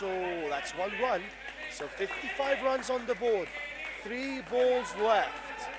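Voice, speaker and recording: Male cricket commentator, high voice, unhurried delivery, loud crowd noise behind. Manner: excitable, bursts into shouts at big moments. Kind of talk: live sports commentary. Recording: noisy crowd at an indoor venue. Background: crowd and venue noise.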